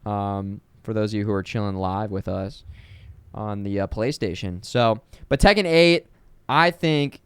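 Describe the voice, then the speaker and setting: Male podcast co-host, casual and excitable, very smooth clear voice, dry close sound. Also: lowish voice, measured pace, no echo. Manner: rambling, excitable, lots of fillers. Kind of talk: casual chat.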